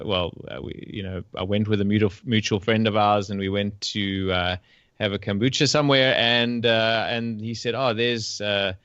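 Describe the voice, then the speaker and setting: A man hosting a podcast interview, talking in a friendly, halting way with many fillers. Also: fairly low pitch, fairly bright tone, clear, resonant tone, dry recording, highs cut off. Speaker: podcast host. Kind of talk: casual interview. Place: Gold Coast, Australia.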